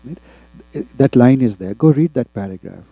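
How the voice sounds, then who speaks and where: A man from India teaching a class, often checking in with the students with quick tag questions. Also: medium pitch, animated, no echo, highs cut off. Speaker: instructor. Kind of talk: classroom lecture.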